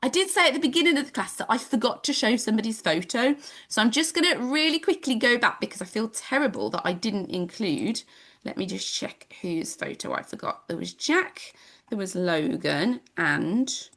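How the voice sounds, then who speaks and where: A woman's voice: a little high, very animated, normal speed, fairly bright tone. A woman, teaching an online nature class for children over a video call in a bubbly, sing-song manner. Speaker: home education teacher.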